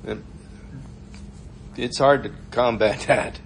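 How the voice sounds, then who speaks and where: A man's voice: medium pitch, steady tone, slow pace, gravelly, a little hiss or hum. A man giving an informal sermon in a conversational, storytelling way, laughing often as he talks. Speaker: preacher.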